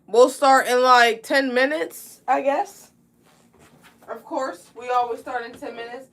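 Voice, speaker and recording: A woman's voice: sits high, fairly even intonation, a little slow, a bit bright. A young woman hosting a casual braiding livestream, chatting loosely, greeting viewers in the chat and eating candy as she talks. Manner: chatty, greets viewers by name, eats candy while talking.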